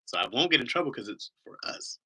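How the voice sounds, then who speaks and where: A man voicing his clever, cheeky three-year-old daughter, high, sweet and innocent. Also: very animated, fast talker, sharp tone, breathy edge, exaggerated voice.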